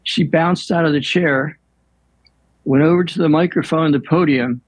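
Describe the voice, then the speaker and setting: An older man, a priest, telling stories in an unhurried, reflective way with many pauses and fillers. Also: fairly high pitch, steady tone, no room sound, rough recording. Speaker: priest guest. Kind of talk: storytelling in an interview.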